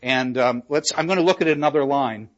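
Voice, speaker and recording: A man's voice: mid-range voice, fairly quick, dull audio. A man giving a university lecture on a play, explaining verse and reading lines aloud with dramatic emphasis. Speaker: literature lecturer.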